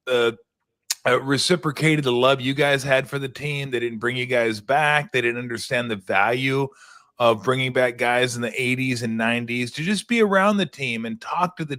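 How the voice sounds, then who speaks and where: A man's voice: mid-range voice, fairly bright tone, no echo, studio quality. A man hosting a talk show, asking long, rambling, enthusiastic questions in a casual way. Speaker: host. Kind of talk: casual interview chat.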